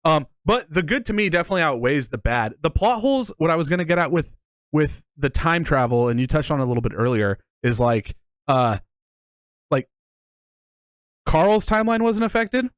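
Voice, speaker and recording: A man's voice: a little high, big pitch swings, moderate pace, no room sound, studio quality. A man co-hosting a casual movie review podcast, rambling and swearing as he picks apart plot holes. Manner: rambling, profane, restarts often. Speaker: podcast co-host.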